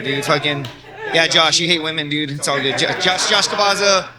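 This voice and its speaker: A man's voice: high-pitched, normal speed, over a noisy crowd. A man hosting an open mic at a house party, loosely joking and swearing as he thanks the comics. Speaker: host. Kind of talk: closing announcements. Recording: loud background noise.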